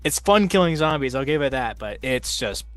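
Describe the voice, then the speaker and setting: Hosting a tabletop game stream, a man spins long, meandering stories full of "like" in casual chat. His mid-range voice swings widely in pitch at a moderate pace, sounding a bit bright on a dry recording.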